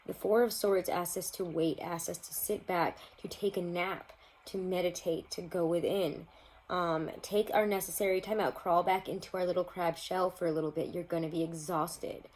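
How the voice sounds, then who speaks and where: A woman's voice: lowish voice, fairly even intonation, moderate pace, a little mellow, poor audio. A woman giving a casual tarot reading to her viewers, chatty and rambling, laughing often. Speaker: tarot reader.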